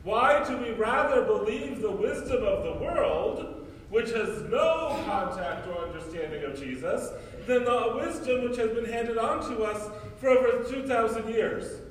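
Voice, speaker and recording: A man's voice: very high voice, lively intonation, unhurried, slight background noise. A male priest giving a sermon, preaching emphatically with repeated rhetorical questions. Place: church. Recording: echoey church from far off.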